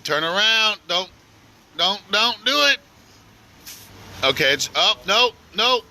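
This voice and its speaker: A man from Oklahoma with an Oklahoma accent, livestreaming outdoors by a flooded street at night, giving loud, joking commentary full of slang. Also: sits high, animated, slow pace. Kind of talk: casual live commentary.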